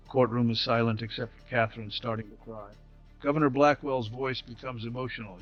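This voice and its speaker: A man's voice: medium pitch, level tone, a little fast. Man narrating a dramatic story. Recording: slightly dull audio with faint music.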